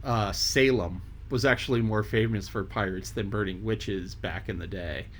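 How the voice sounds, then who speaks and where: A man's voice: fairly low pitch, normal speed, a bit bright, slight background noise. A man reading a classic novel aloud as an audiobook reader, then rambling casually with lots of fillers. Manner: loose, rambling asides full of fillers.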